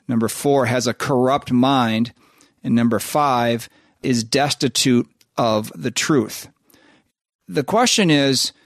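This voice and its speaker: A man's voice: medium pitch, no echo. Dry-voiced male radio host. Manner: measured, reads out book passages and order details. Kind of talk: radio interview.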